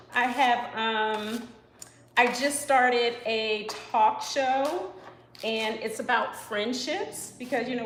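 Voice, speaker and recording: A talkative woman chef livestreams from her home kitchen, rambling with lots of "you know" and "like" and responding to viewer comments while she cooks. Her voice is on the high side and fairly bright, captured in a rough recording with an echoey room and some hiss or hum.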